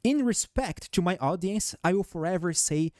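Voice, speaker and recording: A man's voice: high-pitched, expressive, moderate pace, a little mellow. This is a man hosting a stock-market chart breakdown, and he speaks with a noticeable foreign accent. His intonation rises and falls a lot as he calls out levels and targets. He often turns to viewers with "guys" and "right?", and the recording is dry with no room echo. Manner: peppers talk with "okay?", "right?" and "guys". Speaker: stock market analyst host. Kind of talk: technical chart analysis commentary.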